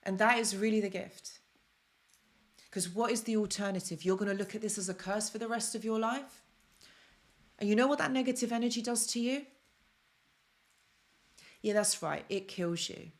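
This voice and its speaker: A woman talks straight to her viewers in a live-stream motivational talk. She is earnest and emotional and circles back over key phrases to press them home. Her pitch sits in the middle for a woman. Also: moderate pace, pauses often. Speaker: self-help host.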